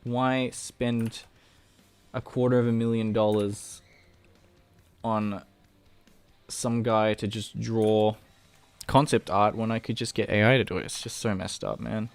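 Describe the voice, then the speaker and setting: A man's voice: lowish voice, flat delivery, measured pace, creaky, long pauses, smooth, faint music behind. A young man with an Australian accent, chatting casually on a live stream as he animates, rambling with many fillers and restarts. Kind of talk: casual livestream chat.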